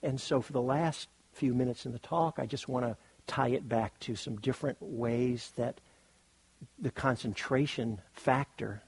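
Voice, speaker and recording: Husky-voiced man giving a meditation talk. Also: mid-range voice, a little mellow, dry recording, rough recording. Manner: thoughtful, searching, rephrases as he goes. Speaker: meditation teacher. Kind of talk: retreat dharma talk.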